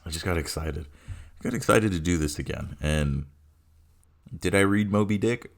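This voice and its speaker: A man's voice: deep voice, moderate pace, vocal fry. A man in his twenties hosting his own podcast from home, talking casually in a rambling, profane, self-deprecating way. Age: 20s. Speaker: podcast host. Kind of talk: casual solo podcast monologue. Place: home room. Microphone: headphones with home mic.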